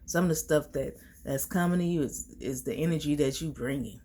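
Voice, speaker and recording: A woman's voice: low-pitched, a little fast, mellow, slight background noise. A woman vlogging to her viewers in a casual, slangy, storytelling way, laughing often.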